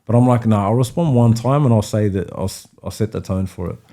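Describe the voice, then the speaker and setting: A young Australian man with a Sydney accent, telling stories on a podcast in a casual, animated way, acting out other people's voices with plenty of slang. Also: on the low side, fairly quick. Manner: animated storyteller, acts out voices, heavy slang and swearing. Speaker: podcast guest, DJ.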